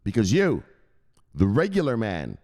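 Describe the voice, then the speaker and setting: A man's voice: on the low side, wildly swooping pitch, unhurried. A man hosting a crypto channel in a brash, profane ranting monologue. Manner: brash, profane, shouts "bang".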